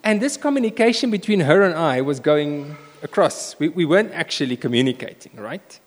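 Brief: animated male preacher, rather high voice that leaps about, long hall reverb. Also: a little fast. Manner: animated storytelling, swinging between loud bursts and hushed asides. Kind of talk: sermon with personal story.

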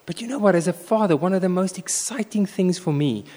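A man preaching a sermon, telling a personal story with animated swings between loud bursts and hushed asides, in a church hall. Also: sits high, brisk. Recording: echoey hall reverb.

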